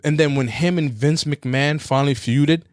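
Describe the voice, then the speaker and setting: A man's voice: fairly high pitch, normal speed, no room sound, clean studio sound. A man co-hosting a podcast, telling a long story in casual chat, swearing freely and acting out quotes. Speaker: podcast co-host.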